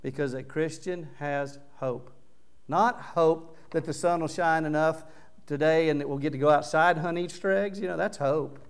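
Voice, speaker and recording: Emphatic male preacher with a smooth voice. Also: on the high side, normal speed. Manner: earnest, emphatic preaching with loud swells on key words. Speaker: pastor. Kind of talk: sermon. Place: church sanctuary.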